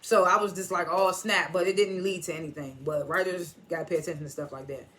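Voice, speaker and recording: A man with a high voice and a quick pace casually recaps and reviews a TV episode. He rambles animatedly, swearing often and laughing frequently.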